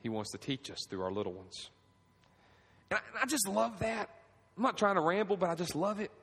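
A man in his thirties preaching a sermon as pastor, fervent, swinging from quiet pleading to high emphatic lines and asking for amens. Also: sing-song, brisk, creaky, slightly rough. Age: 30s. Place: church sanctuary. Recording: long reverb of a church hall.

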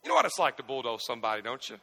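A man's voice: mid-range voice, racing, vocal fry, big-room sound. A man preaching a sermon in a church, calling on the congregation to answer back. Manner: animated, calls for congregation responses. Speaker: pastor. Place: church sanctuary.

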